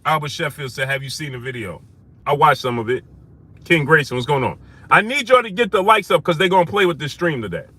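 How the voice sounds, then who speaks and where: A man hosting a live stream, shouting out viewers by name and repeating phrases for emphasis as he rises to heated outrage. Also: on the high side, animated, brisk, husky.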